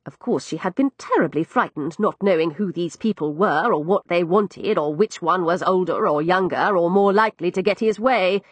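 A woman narrating a story in the first person with wry, expressive delivery. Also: lowish voice, moderate pace, hardly any pauses, husky, dry recording. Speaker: audiobook narrator.

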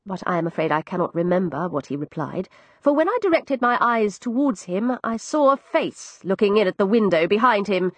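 A woman narrating a story in the first person with wry, expressive delivery. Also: mid-range voice, brisk, dry recording. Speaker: audiobook narrator.

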